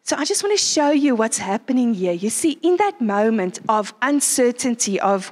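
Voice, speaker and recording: Animated woman conference speaker with a fairly high voice, recorded in an echoey hall. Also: moderate pace, hardly any pauses. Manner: animated, asks the crowd frequent rhetorical questions. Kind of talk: sermon. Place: conference venue.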